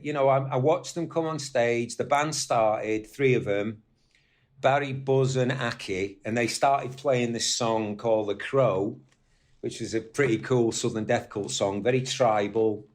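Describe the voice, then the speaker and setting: A man from northwest England telling rambling, animated stories as a guest on an interview podcast, swearing now and then. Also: medium pitch, a little slow. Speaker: guest musician. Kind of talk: casual storytelling interview.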